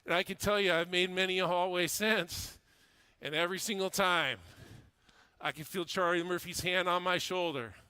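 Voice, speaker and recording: A middle-aged man tells a story from his years as a fire officer in an earnest, emphatic way, often repeating phrases to drive them home. His voice sits high and smooth. The sound is close and dry, with no room echo. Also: steady tone, normal speed, bright, forceful tone. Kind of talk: storytelling speech.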